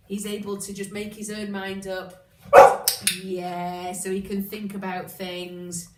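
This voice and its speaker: A woman who trains dogs, explaining steps in a chatty way and breaking into high, excited praise for the dog. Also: measured pace. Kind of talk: casual instructional talk. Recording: roomy echo, distant mic, background noise.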